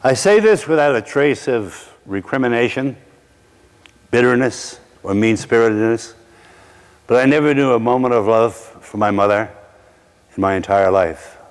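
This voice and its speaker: A middle-aged man from Brooklyn, preaching through a personal story with wry asides and slow dramatic pauses. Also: mid-range voice, animated, clear, resonant tone, big-room sound. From Brooklyn, New York. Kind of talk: sermon storytelling.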